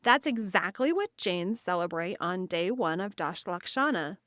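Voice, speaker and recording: A woman hosting and narrating an imaginative guided story and quiz for children, speaking in an expressive second-person voice. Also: on the low side, measured pace, no echo, clean studio sound. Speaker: children's show host and narrator.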